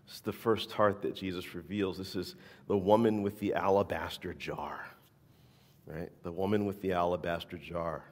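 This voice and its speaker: A man preaching a sermon and reading scripture, animated, often asking "right?" and repeating words. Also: deep voice, normal speed. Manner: animated, rising to near-shouts for emphasis. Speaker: pastor. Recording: long hall reverb.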